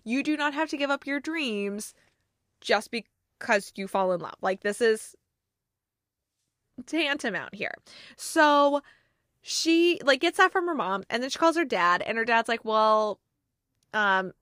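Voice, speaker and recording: A woman with a fairly high, bright, forceful voice recaps a movie plot in a loose, animated way, laughing often and leaning on "like". She hosts a review show, recorded close and dry with no room sound. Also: a little slow, long pauses, no echo. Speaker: movie review podcast host. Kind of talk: casual chatty plot recap.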